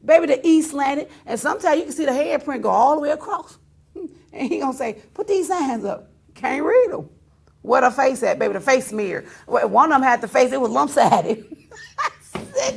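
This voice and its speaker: A woman's voice: high voice, big pitch swings, a little fast, creaky. A woman talk show host, ranting to her viewers in a teasing, laughing way. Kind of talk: casual on-air rant to viewers.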